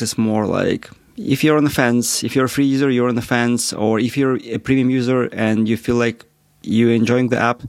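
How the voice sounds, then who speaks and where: A man co-hosting a podcast in casual chat, halting with many restarts and frequent chuckles. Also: mid-range voice, gravelly, dry recording, clean studio sound. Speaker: podcast co-host.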